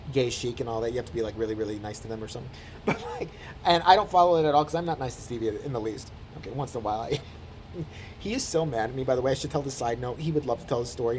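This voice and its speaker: A man's voice: a little high, slight background noise. A tired man ranting on camera in a profane, sarcastic, comedic style. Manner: animated, swearing, sarcastic. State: tired from little sleep. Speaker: vlogger.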